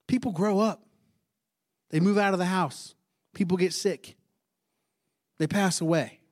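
A man preaches in a relaxed, conversational way colouring his words. He sits in his thirties, with a voice pitched slightly higher than most men's. He keeps turning to the congregation with questions as he talks. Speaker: pastor. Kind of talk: sermon.

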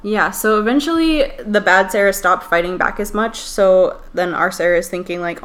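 This podcast co-host has a mid-range, slightly bright voice and talks at normal speed with few pauses. She retells a story conversationally, peppering it with plenty of "like" and "um."

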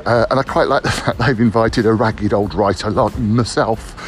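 A man's voice: fairly low pitch, steady tone, normal speed, a little hiss or hum. A man, a writer, giving a playful, theatrical vlog update while walking outdoors on city streets. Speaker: writer and pub crawl founder.

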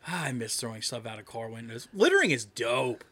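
A young man co-hosting a podcast, telling crude stories in casual banter, loud and full of swearing and laughter. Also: mid-range voice, sing-song, brisk. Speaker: podcast co-host.

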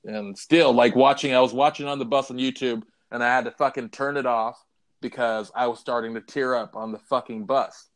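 A man with a smooth, resonant voice talks in a loose podcast chat. He swears freely and retells scenes with feeling, often quoting lines. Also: medium pitch, steady tone, normal speed. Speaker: podcast co-host. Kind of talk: casual chat.

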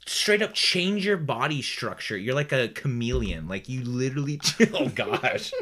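A man's voice: medium pitch, expressive, normal speed, bright, forceful tone. A man co-hosting a podcast in casual chat, playful and teasing, laughing often. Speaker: podcast co-host.

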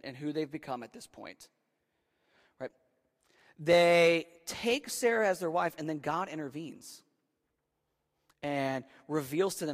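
A young male preacher with a high, light voice talks through his sermon like a chat with friends. He keeps checking in with "right?" and slips into voices for the people in the story. His words ring out with a long echo through a big church hall. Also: a bit bright. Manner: keeps asking "right?" and acts out voices in quotes. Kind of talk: casual conversational sermon. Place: church hall with a live audience. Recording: long reverb of a large hall.

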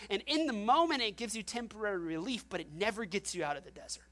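A middle-aged woman preaching a sermon in a lively, conversational way, acting out quotes. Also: medium pitch, fast talker, few pauses.

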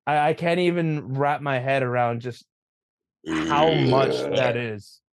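A man co-hosting a sports podcast, telling a story in an animated way, swearing and laughing as he goes. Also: mid-range voice, takes it slowly, creaky, no echo, studio quality. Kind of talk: casual sports chat.

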